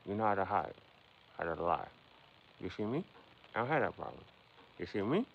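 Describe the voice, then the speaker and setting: A man with a gravelly, somewhat low voice runs a casual livestream, musing out loud and talking straight at his chat. The sound is dull and lo-fi, with a faint noise underneath. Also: very animated, a little fast. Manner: rambling, philosophizing, addressing chat directly. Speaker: livestream host.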